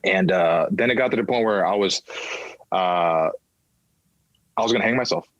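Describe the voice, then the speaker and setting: A man's voice: low-pitched, normal speed, no room sound, lo-fi sound. Candid man telling his story, dry. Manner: animated, acts out voices, swears freely. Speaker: podcast guest, comedian.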